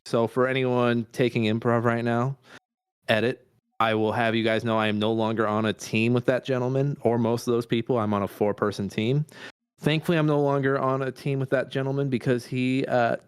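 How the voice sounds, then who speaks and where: A man's voice: mid-range voice, fairly quick, clean tone. A man in his thirties, a podcast co-host and dad, telling a rambling self-deprecating story with restarts and swearing. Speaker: improv performer and dad. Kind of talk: casual storytelling chat.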